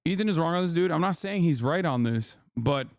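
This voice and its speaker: A male streamer lectures his chat in an unscripted rant, exasperated and profane, hammering the same phrases again and again. His voice sits somewhat high for a man and comes across close and dry, with hardly any room sound. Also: lively intonation, fairly quick, no echo. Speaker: livestream host.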